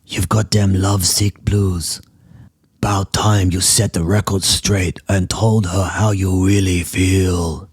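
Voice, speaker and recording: A laid-back laundry monster, as a man puts him on, crooning advice in a low, lazy drawl. He sounds set back from the mic, lower than the girl's chatter. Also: level tone, takes it slowly, breathy edge, no echo, clean studio sound, exaggerated voice.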